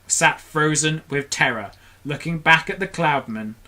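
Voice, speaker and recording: A storyteller reading a children's book aloud on a livestream, expressive and doing the characters' voices. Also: medium pitch, a little slow. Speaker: storybook reader for a charity stream.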